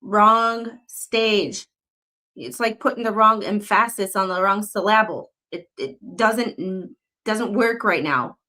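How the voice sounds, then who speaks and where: Woman ranting about a lawsuit, blunt and sarcastic, curses a lot, voice jumps up high when she's fed up. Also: slow, bright, forceful tone. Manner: sarcastic, blunt, swears freely; big jumps in pitch when exasperated. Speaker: commentary channel host. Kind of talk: casual commentary reading and reacting to a court filing.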